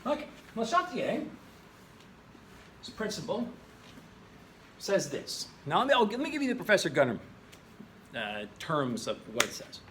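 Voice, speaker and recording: A male chemistry teacher talks through a whiteboard lesson, recorded by a camera in his classroom. His slightly higher voice swings widely, and he keeps breaking into jokey high exclamations. Faint room noise sits under him. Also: wildly swooping pitch, normal speed, pauses often, a bit bright.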